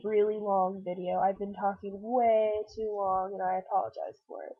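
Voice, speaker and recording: A woman's voice: mid-range voice, steady tone, normal speed, few pauses, muffled recording. Sick woman rambling into a webcam. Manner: rambling, self-deprecating, earnest, speaks straight to the viewer. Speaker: vlogger. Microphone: computer webcam.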